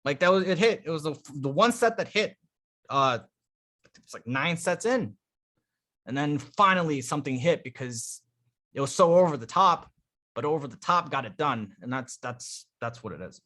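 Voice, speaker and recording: A man coaching a live group session on dating, giving energetic, emphatic feedback and often restarting his words. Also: fairly high pitch, normal speed.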